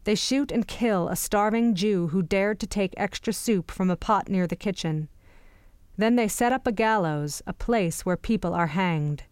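A woman teacher summarizing a reading in a clear, explanatory, guiding manner. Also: medium pitch, normal speed, a little mellow, dry recording, clean studio sound. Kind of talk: lesson summary.

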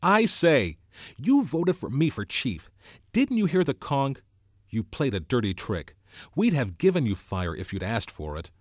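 A man's voice: fairly low pitch, very animated, moderate pace, dry recording, clean studio sound. A man reading aloud, voicing an earnest, indignant boy who was elected chief. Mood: angry. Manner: earnest, heated.

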